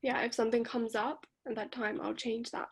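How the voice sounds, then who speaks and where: A woman client in a coaching session, speaking hesitantly and thoughtfully with many pauses. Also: a little high, level tone, breathy edge, poor audio.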